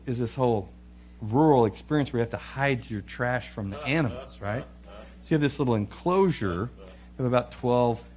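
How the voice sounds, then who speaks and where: A middle-aged man telling a funny family story in an animated, chuckling way. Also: mid-range voice, a little hiss or hum. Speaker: speaker. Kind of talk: humorous storytelling talk.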